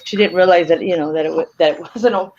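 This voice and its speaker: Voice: medium pitch, fast, darkish tone, highs cut off, slight background noise. A guest speaker telling a rambling anecdote in casual chat, with lots of fillers.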